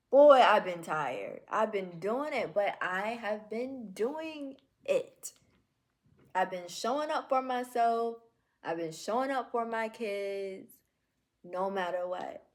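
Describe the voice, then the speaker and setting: Slow, heartfelt woman affirming herself. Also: mid-range voice, expressive. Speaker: video journal creator. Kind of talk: reflective self-talk video journal.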